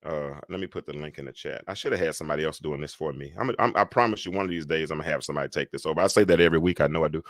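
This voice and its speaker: A man hosting a live call-in talk show, rambling and animated, swinging between loud and soft talk. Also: extremely low pitch, rapid-fire, few pauses, dry recording, studio quality.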